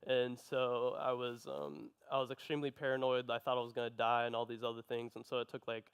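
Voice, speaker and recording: A young man giving an earnest personal testimony, telling his story in a halting way. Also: mid-range voice, flat delivery, creaky, clear, resonant tone. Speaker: testimony speaker.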